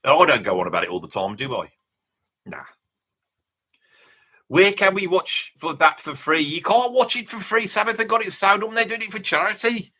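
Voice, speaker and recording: A boastful Brummie bloke who rambles through name-dropping asides, his voice husky yet bright and slightly high, as a man puts him on. He chats loosely with his viewers in a thick Birmingham accent. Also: animated, normal speed, full character voice. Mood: rambling chat. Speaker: live stream host in character. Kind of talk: in-character live reaction chat.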